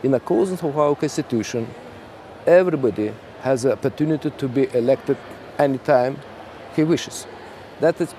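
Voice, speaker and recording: Mellow-voiced diplomat from Azerbaijan. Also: male voice, fairly high pitch, slight background noise. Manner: measured, diplomatic, non-native English with fillers. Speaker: ambassador. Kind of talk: round table discussion.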